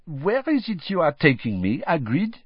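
A man's voice: on the high side, wildly swooping pitch, breathy edge, no room sound, dull audio, pitched above the performer's own voice, exaggerated voice. A man putting on a flirtatious French headmistress. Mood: playful. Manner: slow, lilting, playful.

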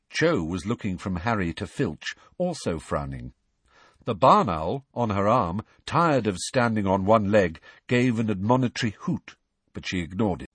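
A man narrating a children's story in an expressive, scripted reading. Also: on the low side, measured pace, slightly rough, dry recording. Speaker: audiobook narrator.

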